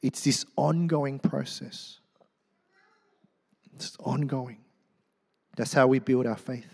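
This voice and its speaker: A man preaching a sermon, telling a story with lively, acted-out crowd voices and casual asides. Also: mid-range voice, slow pace, gravelly. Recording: long hall reverb.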